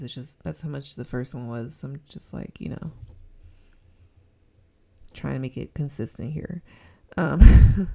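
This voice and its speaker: Hosting a casual solo podcast from home with a heater running, a woman with a Southern Californian accent rambles and giggles through lots of fillers. Her voice is low and mellow with vocal fry, and she remarks that it sounds snobby.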